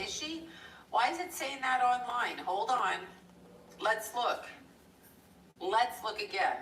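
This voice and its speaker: A woman with a bright, sharp-edged voice talks casually on a live stream, rambling from one thought to the next with blunt, salty asides. She sits back from the mic in a roomy, echoing space, with a faint hum of ambience behind her. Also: a little high. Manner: rambling, blunt and profane, chuckling. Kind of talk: casual live-stream chat while drawing. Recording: roomy echo from a distant mic.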